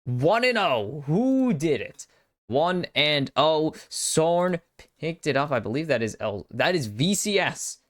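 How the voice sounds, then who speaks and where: A man's voice: fairly high pitch, sing-song, takes it slowly, dry recording, clean studio sound. Chatty American man casting esports solo. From United States. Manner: chatty, self-deprecating, muttering asides. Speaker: esports caster. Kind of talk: solo live esports draft commentary.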